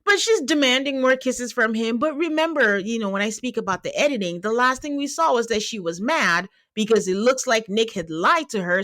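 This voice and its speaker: A woman's voice: fairly high pitch, lively intonation, brisk, hardly any pauses, a bit bright, no room sound, clean studio sound. A woman hosting a podcast, recapping a reality show in casual chat, laughing often and acting out quotes. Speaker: podcast host.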